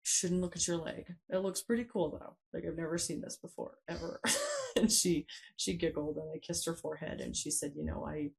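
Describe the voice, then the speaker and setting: A woman with a low, gravelly voice speaks as a guest in a conversational interview. She tells her story haltingly and often pauses to search for words. Her delivery is unscripted and personal. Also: steady tone, low-quality recording. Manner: hesitant, many pauses and fillers. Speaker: podcast guest.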